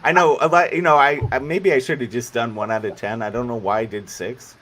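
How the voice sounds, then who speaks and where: A man hosting a casual online panel show, excitable, laughing often and swearing casually as he scores pitches. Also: a little fast, a crowd in the background. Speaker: podcast host running a pitch panel.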